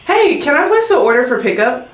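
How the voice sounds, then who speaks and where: A woman's voice: high voice, big pitch swings, brisk. Chatty woman in an echoey room. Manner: rambling, heavy use of "like" and "um". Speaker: nursing student vlogger. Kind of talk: casual chatty vlog.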